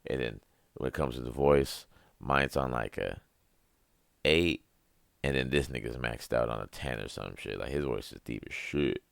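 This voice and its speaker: At normal speed, a young man with a very deep, rumbling, gravelly voice rants through his casual podcast monologue. He rambles, swears freely and laughs at his own jokes; the recording is dry and close with no room echo.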